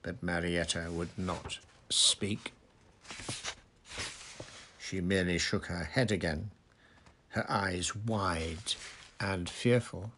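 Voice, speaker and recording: A man reading a story aloud in a measured, plain narrating voice. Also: low-pitched, steady tone, pushed and bright, slight background noise. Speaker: audiobook reader.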